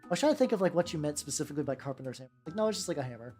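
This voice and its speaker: A woman with a lowish voice that swings up and down a lot, chatting casually to her livestream audience as she paints. She rambles, restarts, swears freely and calls out viewers by name. Faint music plays in the background. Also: big pitch swings, rapid-fire, warm tone. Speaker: streamer painting miniatures.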